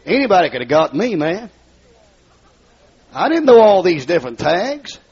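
A man with a rural Southern accent preaching his testimony in a large hall, dropping low to tell his story and rising to shout. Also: big pitch swings, moderate pace, husky. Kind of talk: fiery revival sermon. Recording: dull lo-fi recording.

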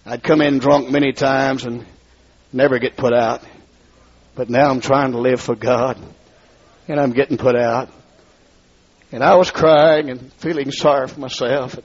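A gravelly, husky-voiced man with a rural Southern accent tells his testimony to a hall with a balcony. His voice sits a little high and climbs into shouted revival preaching. The recording is dull and lo-fi. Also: fairly even intonation, a little slow, pauses often. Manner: swings from low storytelling to high shouted preaching. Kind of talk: fiery revival sermon.

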